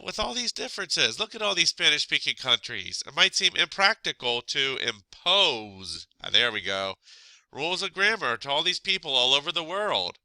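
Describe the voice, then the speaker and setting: Man teaching a casual lesson, stuffy nose, chatty asides, very bright and smooth voice, dry close mic. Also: fairly high pitch, no echo, poor audio. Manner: chatty, asides and little laughs.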